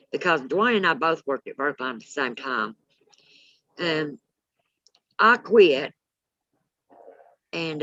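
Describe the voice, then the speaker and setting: A woman, telling a story in a blunt, salty and animated way. Her voice sits low, and the sound is close, dry and a little muffled. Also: dry recording. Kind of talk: casual storytelling chat.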